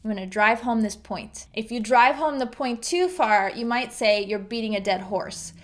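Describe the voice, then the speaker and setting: A woman teaching English idioms to learners, explaining each phrase patiently and clearly and acting out example lines. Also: fairly high pitch, animated, normal speed.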